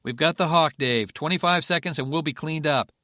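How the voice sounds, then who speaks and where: A man's voice: fairly high pitch, brisk, bright, forceful tone, dry recording, clean studio sound, pitched above the performer's own voice. A man playing a clipped, commanding general. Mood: urgent. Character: determined male general crewing a bomber.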